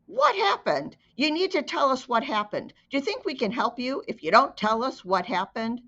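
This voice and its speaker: A woman's voice: high voice, big pitch swings, fairly bright tone, voice pushed up, heavily acted. Woman voicing a stern demanding policeman. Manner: rapid pressing questions. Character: stern adult male police officer, demanding. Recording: dull lo-fi recording.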